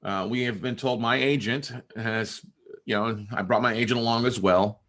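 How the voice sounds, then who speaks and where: A man's voice: medium pitch, fairly even intonation, moderate pace, fairly bright tone. A man hosting a podcast, telling a deal story in a casual, conversational way, acting out the other people as he goes. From Texas. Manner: conversational, with many restarts and quoted dialogue. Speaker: podcast host and note investor.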